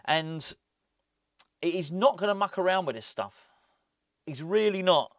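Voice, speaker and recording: A man hosting a casual football vlog, rambling and animated, often breaking off with laughs. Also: high voice, unhurried, no room sound, clean studio sound. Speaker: football fan channel host.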